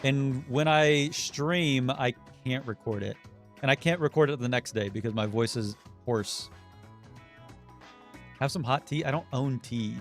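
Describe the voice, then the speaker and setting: A man in a mid-range voice, a little slow, casually mutters and thinks aloud while playing a video game on a live stream. Faint music plays behind, and his throat is getting a bit sore.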